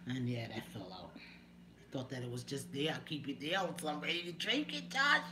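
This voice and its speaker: A woman's voice: extremely low pitch, expressive, moderate pace, sharp tone, slight background noise. A woman chatting casually on a live stream from home, laughing often and talking to her viewers by name.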